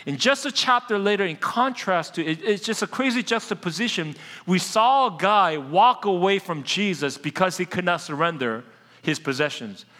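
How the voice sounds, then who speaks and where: A man's voice: sits high, expressive, normal speed, bright, forceful tone, long reverb tail. A male pastor preaching a casual, conversational sermon and speaking directly to his congregation with questions.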